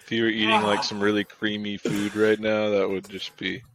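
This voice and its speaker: A man co-hosting a casual podcast, relaxed and rambling, laughing at the jokes. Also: on the low side, normal speed, low-quality recording. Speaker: podcast co-host. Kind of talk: casual chat.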